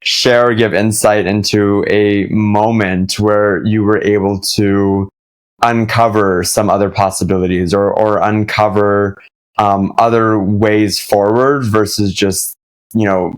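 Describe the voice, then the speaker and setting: A man with a low voice hosts an interview. He asks curious, thoughtful questions and gropes for words with plenty of fillers. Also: flat delivery, a little slow. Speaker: host.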